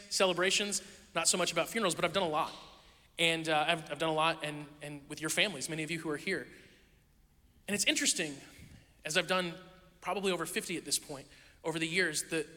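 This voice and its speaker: A man's voice: fairly high pitch, bright, forceful tone, in a large hall. A man preaching a sermon as pastor, telling the story conversationally with playful asides.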